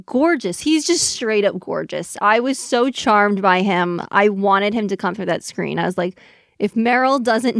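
Female co-host, emphatic and gushing, mid-pitched, dry close sound. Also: no echo. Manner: gushing, emphatic, filler-heavy. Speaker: podcast co-host. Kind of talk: casual chat.

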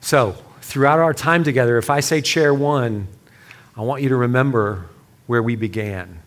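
A man giving a sermon-style session, telling a personal story and then leading a quiet, earnest prayer. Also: mid-range voice, moderate pace. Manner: earnest storytelling, drops to soft hushed prayer. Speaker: speaker leading a church session.

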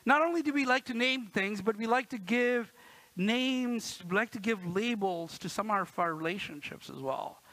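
A man's voice: high voice, animated, normal speed, bright, forceful tone, no room sound, rough recording. A man in his thirties preaching a sermon in a church, chatty and playful, often asking the congregation "right?" and acting out quotes. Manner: playful, acts out quotes with a raised voice. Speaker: pastor.

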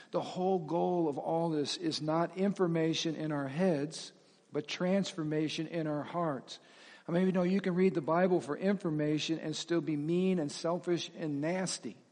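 A man preaching as pastor to his congregation, animated, asking them questions and laughing at himself. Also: on the high side. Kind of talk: sermon. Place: church sanctuary with reverb. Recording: long hall reverb.

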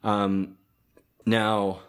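A man casually retelling a cartoon episode on a podcast, halting with many restarts and fillers. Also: fairly low pitch, level tone, a bit bright, clear, resonant tone. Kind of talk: casual chat.

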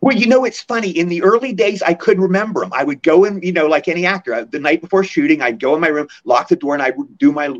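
A man in his sixties, a guest actor in a casual interview, telling animated stories and acting out the people he quotes. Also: a little high. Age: 60s. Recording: muffled lo-fi audio.

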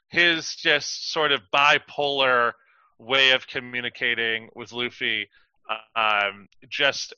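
A man's voice: medium pitch, sharp tone, clean tone, dry recording. A man co-hosting a podcast in casual chat, hesitant and hedging, with many filler words. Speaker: podcast co-host. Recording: dull, dry lo-fi mic.

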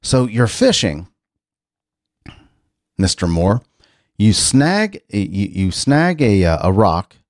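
Slow and very animated, this middle-aged talk show host pauses often in his lowish voice. Reading news items on his casual radio-style chat show, he muses aloud and rambles with frequent restarts, recorded in a studio with no room sound.

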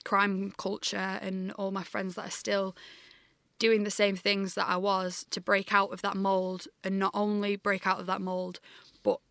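A woman's voice: mid-range voice, completely flat delivery, measured pace, vocal fry, a bit bright, dry recording, clean studio sound. A woman talking earnestly as a podcast guest. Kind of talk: candid personal talk.

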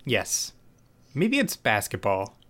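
A man's voice: fairly low pitch, wildly swooping pitch, slow, a bit bright. Rambling man recapping a show. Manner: loose, rambling storyteller with restarts. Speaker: podcast co-host. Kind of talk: casual chat recapping a TV episode.

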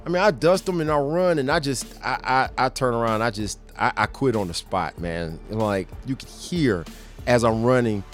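A man's voice: normal speed, faint music behind. A middle-aged man hosting a podcast, telling a story in a casual way, laughing often and acting out the lines of the people in it. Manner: animated, acts out quotes with raised pitch. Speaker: podcast host.

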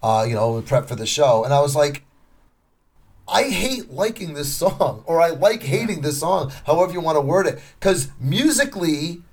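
A man's voice: a little high, expressive, moderate pace, a little mellow. A man co-hosting a podcast in casual chat, talking things through with easy fillers. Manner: conversational, thinks aloud with fillers. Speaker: podcast co-host.

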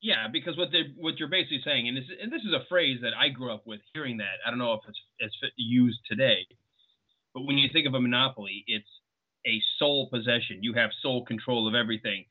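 A man's voice: mid-range voice, quick pace. A man guest on a podcast, explaining points at length in casual film talk and acting out short quotes. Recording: tinny phone-like line.

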